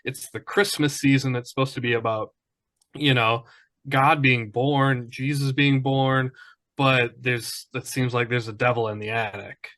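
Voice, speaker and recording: A man's voice: medium pitch, flat delivery, unhurried, a bit bright, no room sound. A man in casual conversation, musing aloud and thinking through his ideas about a film.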